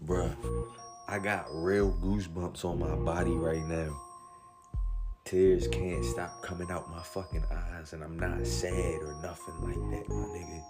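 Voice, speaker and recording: A man's voice: sits low, flat delivery, unhurried. A man talking to his viewers in a slangy, earnest and awed way, in a casual vlog. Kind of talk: emotional casual vlog talk. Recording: loud music over voice.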